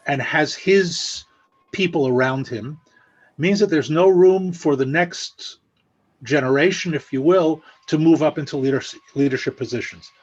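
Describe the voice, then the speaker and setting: Male analyst with a fairly high voice, measured and explanatory, dry sarcastic asides; muffled lo-fi video-call sound. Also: breathy edge. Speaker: guest analyst. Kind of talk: spoken analysis at an online meeting.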